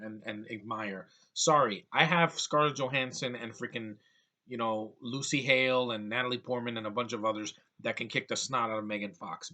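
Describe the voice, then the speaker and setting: A man's voice: medium pitch, sharp tone. A man giving a blunt, exasperated movie review at home, swearing casually and piling on complaints.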